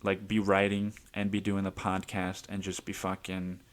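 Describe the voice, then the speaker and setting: A man's voice: low voice, monotone, moderate pace. A man hosting a solo podcast, rambling casually and swearing often with self-amused laughs. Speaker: podcast host.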